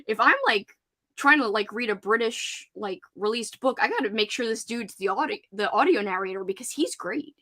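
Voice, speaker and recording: A young woman host talks casually at a moderate pace, her medium-pitched voice a bit bright. Through a toned-down Louisiana accent, she laughs a lot and fills her speech with fillers.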